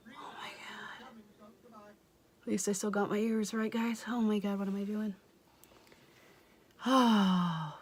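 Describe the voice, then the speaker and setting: A woman doing a casual, comedic makeup tutorial, swearing freely, mocking herself and often dropping into a whisper. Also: medium pitch. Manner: profane, self-mocking. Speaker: makeup vlogger.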